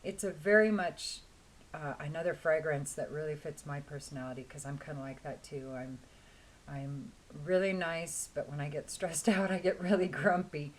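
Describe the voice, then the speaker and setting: A hoarse woman giving a chatty, rambling fragrance review, often clearing her throat. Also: sits low, fairly even intonation, normal speed, rough recording. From Washington State, US. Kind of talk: casual video review.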